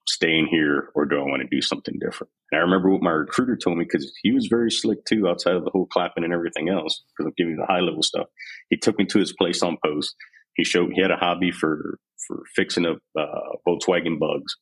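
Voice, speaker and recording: A man from Texas with an exceptionally deep, low-pitched voice and a husky, slightly rough grain, in his forties. He speaks as a podcast guest and talks frankly and openly, acting out earlier moments by quoting the people in them. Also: fairly even intonation, quick pace, rough recording. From San Antonio, Texas, USA. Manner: frank, unguarded, retells scenes in quoted voices. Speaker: podcast guest, army veteran. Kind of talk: candid storytelling interview.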